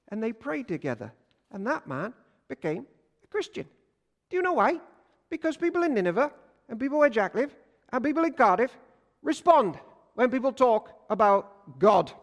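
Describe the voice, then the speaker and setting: A man preaching a sermon, an energetic storyteller who swings between loud and hushed. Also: very high voice, moderate pace. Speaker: pastor. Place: church. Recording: long church reverb.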